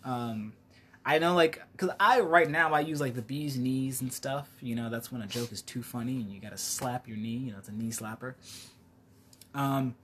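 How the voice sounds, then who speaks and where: A man co-hosting a podcast in casual chat, slangy and quick to laugh, often losing his train of thought. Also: mid-range voice, a bit bright, slight background noise. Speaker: podcast co-host.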